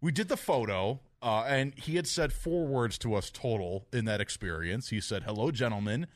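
A man chatting on a podcast, animated and quick to laugh as he tells a story. His pitch swings widely. The sound is dry and close. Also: no echo. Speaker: podcast co-host. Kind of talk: casual chat.

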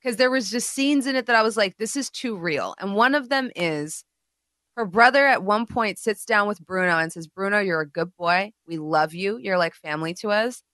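A woman co-hosts a casual podcast chat with a bright, forceful voice. She talks in a candid, profane and animated way and acts out scenes as she tells them. The sound is close and dry. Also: medium pitch, moderate pace, no room sound. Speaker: podcast co-host.

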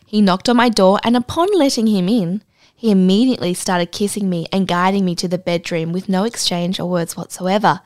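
A podcast co-host with a mid-range voice reads a listener's story aloud a little fast, in a dry, deadpan way, and her asides are just as blunt. The recording is close and dry, with no room sound.

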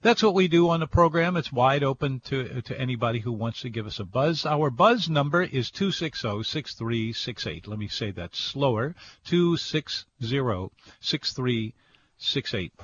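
An older man hosting a food radio show, talking casually and halting often with "uh". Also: fairly high pitch, expressive, fairly bright tone. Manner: rambling, halting with many uhs. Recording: dull, lo-fi radio broadcast.

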